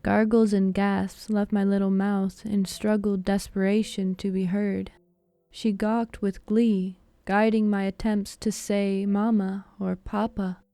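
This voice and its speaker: A woman reading a first-person horror story aloud as scripted narration, in a measured, steady way. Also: medium pitch, no echo. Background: faint background music.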